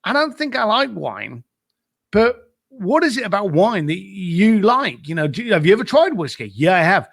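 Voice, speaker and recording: A man's voice: high-pitched, sing-song, moderate pace, gravelly, husky. A man telling an anecdote as a podcast guest, acting out both sides of a phone call, with lots of fillers and repeated "I said.". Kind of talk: storytelling in a casual interview.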